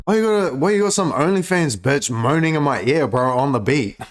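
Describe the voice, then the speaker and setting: A young man hosting a music reaction video, chatting casually in slang, swearing freely and breaking into excited exclamations. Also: on the high side, fairly quick, background noise. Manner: slangy, profane, calls viewer bro.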